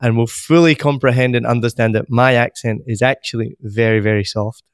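A man in his forties from Scotland with a soft Glaswegian accent, a comedian guest telling stories slowly and carefully in a podcast interview. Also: mid-range voice, steady tone, smooth, no room sound, studio quality. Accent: soft Glaswegian Scottish. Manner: slow, carefully enunciated storytelling.

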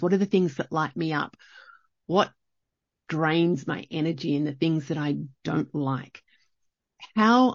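A woman's voice: on the low side, a little mellow, no room sound, lo-fi sound. A middle-aged woman, talking reflectively in a chatty solo podcast, often restarting her sentences. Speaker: podcast host.

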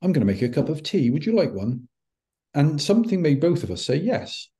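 A middle-aged man, a podcast guest, telling a personal story in an animated way and acting out the dialogue. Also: fairly high pitch, a little fast. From United Kingdom. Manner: animated, acts out quoted dialogue. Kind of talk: anecdotal storytelling.

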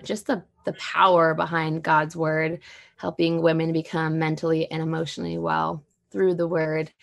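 Earnest woman guest, gravelly voice, lowish pitch. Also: a bit bright. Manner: earnest, devout. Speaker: podcast guest. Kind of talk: casual group chat.

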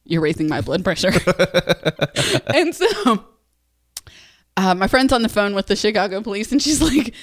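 Podcast co-host: a lively woman who tells stories with lots of laughs, recorded dry. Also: mid-range voice, normal speed, pauses often, dry recording. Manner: animated, laughing, acts out quotes. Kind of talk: casual storytelling chat.

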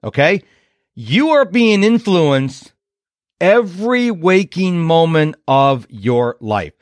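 A man in his fifties, a productivity coach, hosts a motivational podcast in a slightly high, sing-song voice at a slow pace. He talks in an emphatic, punchy way and acts out other people's voices, recorded in a clean studio with no echo.

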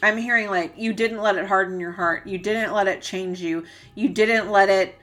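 A woman with a bright, clear-toned voice gives a channeled tarot reading. She rambles earnestly, hunting for the right words and leaning on fillers as her feelings rise. Her pitch sits in an ordinary middle range. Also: fairly even intonation, moderate pace, soft background music. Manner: rambling, searching for words, many "like"s; emotional, earnest. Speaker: psychic reader.

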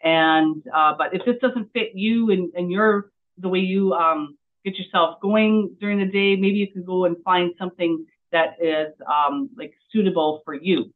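A woman's voice: lowish voice, unhurried. A woman hosting a live mindset call, talking in a rambling, hesitant way with many fillers. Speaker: host of a daily mindset call. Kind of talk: casual talk on a live group call. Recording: tinny phone-like call audio.

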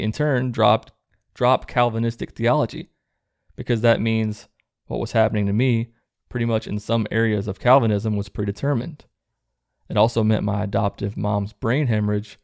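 A man with a low, gravelly voice reads viewer letters aloud in a steady, even tone. Between letters he adds relaxed, low-key comments. The sound is close and dry, with no room echo. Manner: low-key, plain reading, relaxed asides. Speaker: host reading viewer stories.

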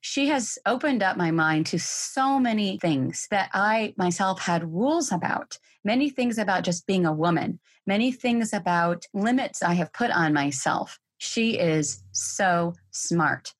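A woman in her thirties hosting a solo parenting podcast, telling her own story in a candid, expressive way. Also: mid-range voice, a little slow, hardly any pauses.

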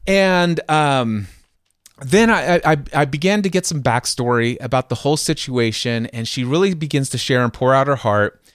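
A man hosting a podcast, telling a personal story in an animated, conversational way and acting out quoted voices. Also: mid-range voice, normal speed, clean tone, no room sound, clean studio sound. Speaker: podcast host.

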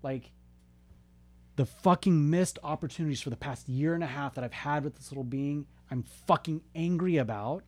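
A man's voice: on the high side, dry recording. A man in his thirties talking bluntly and with lots of swearing, urging listeners to be open and ask for help. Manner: profane, blunt, impassioned. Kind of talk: candid motivational talk.

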